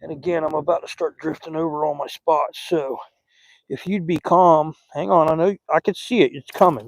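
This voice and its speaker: Out on a lake in a small boat, a fishing channel host streams live, an older man with a Southern accent who chats folksily, rambles, and addresses fish and viewers alike. His fairly high, creaky voice keeps a moderate pace; the phone audio is rough, without room sound.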